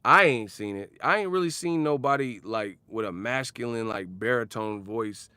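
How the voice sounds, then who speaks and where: A man's voice: medium pitch, normal speed, sharp tone, clear, resonant tone, no echo. A young man ranting in slang for a casual boxing vlog, swearing and laughing as he talks. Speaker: boxing commentary vlogger. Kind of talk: casual rant.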